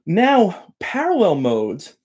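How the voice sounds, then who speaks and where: A man's voice: sits high, wildly swooping pitch, slow pace, a little mellow, breathy edge. A middle-aged man from Long Island, a guitar teacher chatting casually with viewers on a live stream, joking and greeting people by name. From Long Island, New York.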